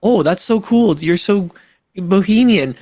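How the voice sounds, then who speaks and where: A man's voice: high voice, expressive, measured pace, a little mellow. A man co-hosting a casual podcast, playful and laughing easily, on a studio podcast microphone. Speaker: podcast co-host. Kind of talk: casual banter among friends.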